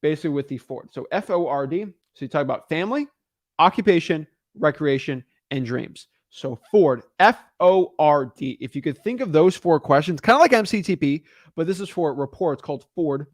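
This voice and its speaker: A man's voice: fairly high pitch, expressive, moderate pace, no room sound, clean studio sound. A man teaching real estate wholesaling in a casual monologue, often checking in with "right?" and "okay?" and restarting his sentences.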